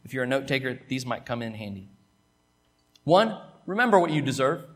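A man preaching a sermon to his church, emphatic, repeating words, and dropping from loud stresses to hushed asides. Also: mid-range voice, very animated, brisk. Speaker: pastor.

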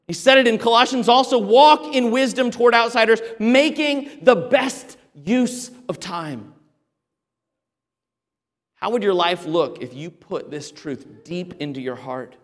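A man preaching a sermon as pastor, emphatic, with sudden loud exhortations. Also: sits high, a little slow, big-room sound.

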